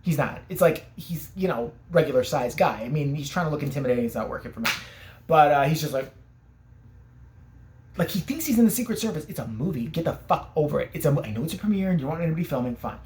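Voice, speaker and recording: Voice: mid-range voice, expressive, fast, darkish tone, a little hiss or hum. A vlogger ranting and telling a story casually, sarcastic and full of profanity.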